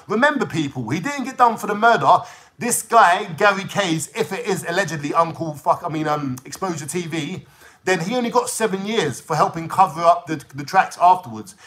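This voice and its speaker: A young London man with a London accent holds forth in an angry, swear-filled rant to his channel's viewers. His voice sits high for a man and comes out sharp and tense. He talks in street slang and keeps pressing his point. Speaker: YouTuber ranting to viewers. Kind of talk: heated monologue.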